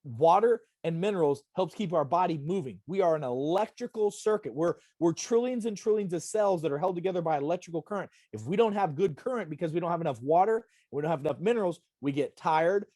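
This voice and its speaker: A middle-aged man gives a live wellness talk over a video call, pressing each point home and checking in with "okay?" again and again. His voice sits a bit high for a man. The sound is close and dry, with no room around it. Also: animated, fast talker, hardly any pauses, dark tone, dry recording. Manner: emphatic, repetitive, direct address with frequent "okay?". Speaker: wellness presenter. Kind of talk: live online health talk.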